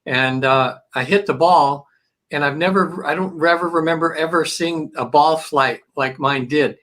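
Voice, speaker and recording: A man in his fifties or older, telling an anecdote in a chatty, animated way during a panel discussion. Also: fairly high pitch, a little slow.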